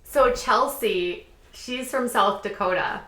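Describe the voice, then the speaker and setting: A woman's voice: a little high, takes it slowly, fairly bright tone. A woman from the Upper Midwest hosting a casual livestream chat, rambling and laughing often. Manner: giggly, rambling. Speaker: host. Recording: echoey room.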